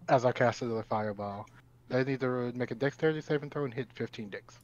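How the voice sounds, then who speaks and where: A man's voice: medium pitch, fairly quick, a little hiss or hum, poor audio. A man playing in a tabletop game, stating his moves and rolls matter-of-factly. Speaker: player. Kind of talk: casual tabletop play.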